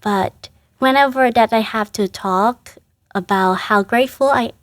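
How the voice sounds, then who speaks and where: A woman's voice: a little high, no room sound. Earnest woman, religious sister guest. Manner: earnest, halting, emotional recollection. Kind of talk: interview conversation.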